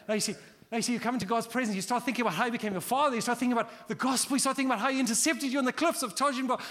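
A middle-aged man preaching a sermon as pastor, animated and acting out quoted prayers. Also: extremely high pitch, racing. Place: large church hall. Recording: long hall reverb.

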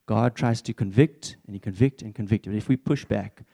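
A man's voice: lowish voice, fairly quick, gravelly, warm tone. A young man preaching a candid, conversational sermon in church.

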